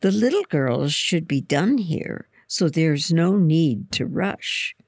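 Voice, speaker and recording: A cold, sly older nun with a falsely cheerful, lilting voice, as a storybook reader puts her on. She speaks slowly over a dry, close sound. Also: medium pitch, lively intonation, creaky, slightly rough, no echo, full character voice. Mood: calm.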